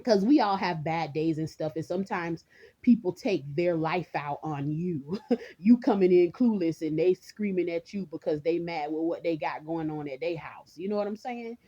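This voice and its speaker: A woman's voice: lowish voice, normal speed, dark tone, lo-fi sound. A woman vlogger in a casual rant, rambling and chatty, talking straight to her viewers and laughing often.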